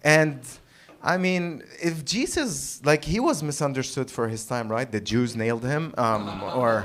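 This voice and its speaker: A man doing a stand-up set on a comedy club stage, rambling and halting, restarting lines and chuckling at his own jokes. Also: mid-range voice, crowd noise. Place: comedy club stage before a live audience.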